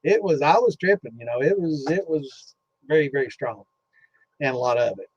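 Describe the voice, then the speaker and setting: A man's voice: on the high side, animated, normal speed, darkish tone, husky, no echo. A man hosting a distilling Q&A chat, telling a rambling story full of cursing and fillers, with a slightly dull lo-fi sound. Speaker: host of a distilling Q&A livestream.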